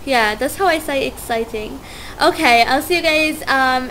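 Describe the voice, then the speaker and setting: A young woman narrating her gameplay in a high, bubbly voice, gushing about how excited she is and tripping over her words. She talks in an unhurried way, with a faint hum behind her. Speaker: let's play gamer. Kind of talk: casual gameplay commentary.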